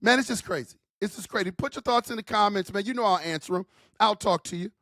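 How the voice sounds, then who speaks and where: Guy with a pretty high voice hyped up about football, keeps saying man, dry close sound. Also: fast talker, pushed and bright, no room sound. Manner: fired-up, emphatic, repeats points; casual slangy talk, calls listeners man. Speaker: sports channel host. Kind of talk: opinionated football commentary vlog.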